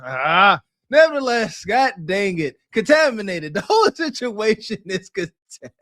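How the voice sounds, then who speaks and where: A man's voice: high-pitched, big pitch swings, normal speed, sharp tone, no echo, studio quality. A man co-hosting a podcast, reacting to a clip with teasing jokes and frequent laughs. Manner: joking, teasing, laughs often. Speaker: podcast co-host.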